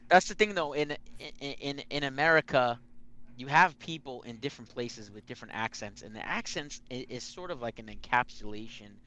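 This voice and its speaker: Bright-voiced New man on a podcast. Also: medium pitch, expressive, normal speed. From New York. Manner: earnest, explaining with many "you know what I mean"s. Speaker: podcast co-host. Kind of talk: casual podcast chat.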